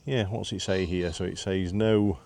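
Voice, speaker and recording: Man, low mellow voice, casual walking vlog, rambling with fillers, outdoors in the wind, camera mic. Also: fairly even intonation, moderate pace, gravelly. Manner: chatty and rambling, many "uh" fillers, self-deprecating. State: out of breath after climbing. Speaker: vlogger. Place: outdoors on a windy hillside path.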